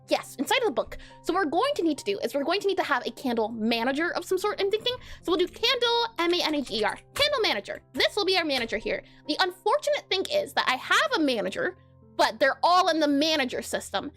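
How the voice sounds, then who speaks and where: High-pitched, animated woman game dev, playful and giggly live-stream banter. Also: fast talker, faint music behind. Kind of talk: casual live-stream coding chat.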